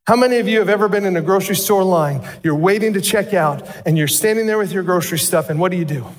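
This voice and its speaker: A high-voiced male pastor delivers a sermon at a quick pace in a large hall with long reverb. He's animated and asks the congregation questions.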